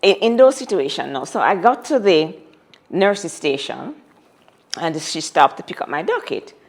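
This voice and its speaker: A woman's voice: lowish voice, sing-song, measured pace. A woman telling a personal story as an interview guest, dramatic and repeating phrases for emphasis.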